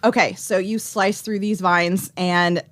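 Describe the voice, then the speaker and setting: A woman's voice: mid-range voice, steady tone, a little slow, a bit bright. A woman acting as game master, narrating a tabletop game in a joking, giggly way. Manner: giggly, joking, laughs often.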